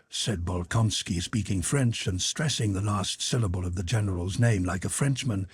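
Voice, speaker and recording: A man reading a classic novel aloud as an audiobook narrator, in a measured, expressive way. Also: low-pitched, slightly rough, no room sound.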